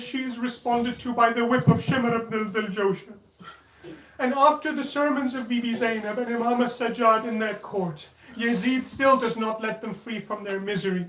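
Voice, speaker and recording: High-voiced man telling a mournful story. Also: fairly bright tone, a little hiss or hum. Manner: mournful, dramatic narration building to anguished cries. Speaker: majlis speaker. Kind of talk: emotional religious storytelling to children. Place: mosque hall. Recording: echoey hall, mic at a distance.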